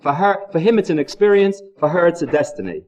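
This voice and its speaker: A man's voice: fairly high pitch, very animated, fast talker, darkish tone. A man giving a humorous lecture to a live audience, a jokey storyteller who repeats phrases for effect, in an old 1960 recording.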